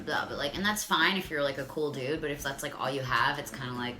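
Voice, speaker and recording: Low-voiced woman in her thirties, chatty vlogger. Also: fast, few pauses, music in the background. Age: 30s. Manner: chatty, profane, full of "like". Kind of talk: casual storytelling to camera.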